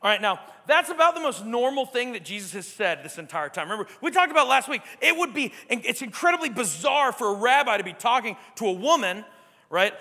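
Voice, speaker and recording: Bright-voiced male preacher with church reverb. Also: very high-pitched, very animated, brisk. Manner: emphatic, keeps asking "right?"; swings between quiet reflection and loud exclamation. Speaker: pastor. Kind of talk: sermon. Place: church sanctuary.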